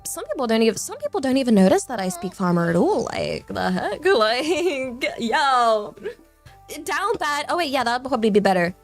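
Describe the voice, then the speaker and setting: A young woman rambles through casual stream chat in a fairly high voice, often giggling and poking fun at herself. Faint music plays quietly behind her. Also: very animated, normal speed. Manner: rambling, giggly, self-deprecating.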